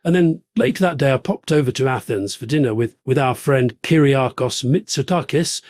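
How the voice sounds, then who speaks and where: A pompous jet-setting podcast host played by a man, smug and rambling as he drops big names and brags about his money. The voice sits at an ordinary middle pitch. The sound is dry and close, with no room around it. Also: lively intonation, moderate pace, a little mellow, dry recording, lightly acted. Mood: boastful. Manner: boastful, name-dropping, rambling. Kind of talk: satirical podcast parody.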